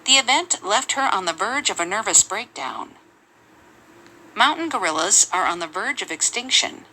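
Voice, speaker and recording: A woman reading English example sentences aloud in a measured, lively way for a lesson. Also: mid-range voice, slight background noise, rough recording.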